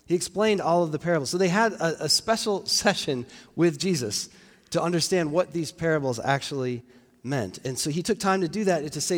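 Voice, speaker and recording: A man's voice: on the high side, animated, a little fast, big-room sound. A man preaching a sermon in a conversational, reflective way, with fillers and restarts, in a church.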